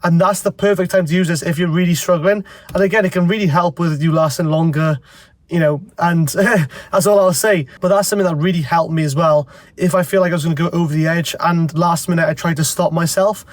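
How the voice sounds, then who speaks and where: A man's voice: fairly high pitch, fairly even intonation, fairly quick, no room sound. A young man with a blocked-up nose from a cold, giving blunt, profane advice to the camera in a casual, rambling way. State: congested from a cold. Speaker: self-improvement vlogger.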